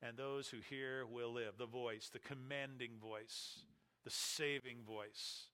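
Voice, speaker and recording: A man preaching a sermon, emphatic, slowing down and leaning on key words. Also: medium pitch, steady tone, pushed and bright, clean tone.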